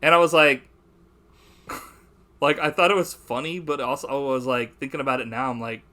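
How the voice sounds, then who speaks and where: A man's voice: mid-range voice, normal speed, bright, forceful tone. Rambling, profane young man. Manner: rambling, profane, laughs often, mimics movie lines. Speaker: podcast host. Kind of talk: casual movie discussion.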